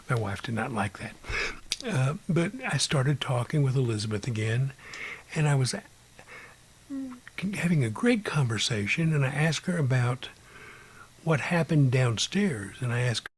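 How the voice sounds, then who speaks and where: Husky man telling a ghost story. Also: medium pitch, expressive. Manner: unhurried, mimics beeping sounds; drops to a hushed whisper at times. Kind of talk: personal ghost story told aloud.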